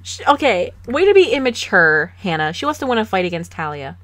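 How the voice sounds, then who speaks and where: A woman narrates her life-simulation game in a loose, chatty way. She teases and scolds her characters with a sassy, playful edge and laughs often. Her voice sits at a middling pitch, recorded on a desk microphone. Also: very animated, fairly quick, a bit bright, dry recording. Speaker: gaming channel host. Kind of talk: casual game commentary.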